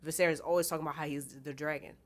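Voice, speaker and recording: Slangy, animated woman podcaster. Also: deep voice, rapid-fire. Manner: animated, slangy, retells scenes in quoted voices. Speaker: podcast co-host. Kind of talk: casual book discussion.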